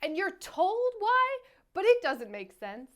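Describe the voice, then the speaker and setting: A woman co-hosting a casual movie review podcast, animated and often acting out quotes in silly voices. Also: very high voice, takes it slowly. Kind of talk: casual chat.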